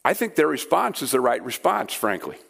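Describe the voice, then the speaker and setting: A man's voice: mid-range voice, fairly quick, gravelly, slightly rough. A man delivers a sermon to a gathered audience. He talks in a casual, conversational way and stresses his main points with rising energy. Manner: conversational, emphatic, animated. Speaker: preacher. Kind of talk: sermon teaching. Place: room with a live audience.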